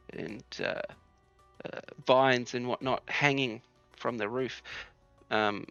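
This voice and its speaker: A man serving as game master for a tabletop game describes scenes in a relaxed, rambling manner, using lots of fillers. His medium-pitched voice is creaky, and the recording sounds muffled.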